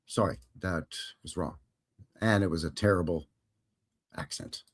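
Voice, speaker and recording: Low-pitched and measured, this man speaks with fairly even intonation. He hosts a live stream where he reads viewer chat aloud and jokes casually while commenting on film clips.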